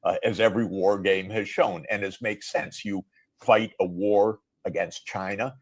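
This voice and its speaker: A man giving measured foreign policy analysis, pausing often on "uh" between phrases. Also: lowish voice, fairly even intonation, no echo. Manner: measured, with frequent hesitant "uh"s.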